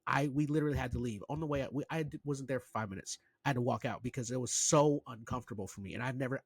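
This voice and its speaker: Animated storyteller man, dry close sound. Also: medium pitch, husky, no echo. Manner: animated, swears freely, slips into mocking quoted voices. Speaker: podcast co-host. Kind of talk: casual storytelling chat.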